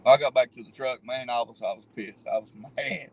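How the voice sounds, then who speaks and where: A man's voice: mid-range voice, a little fast, breathy edge, poor audio. A man riding along in a car, telling a road story casually with plenty of cursing. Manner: profane, laughing storyteller. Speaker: passenger, former truck driver.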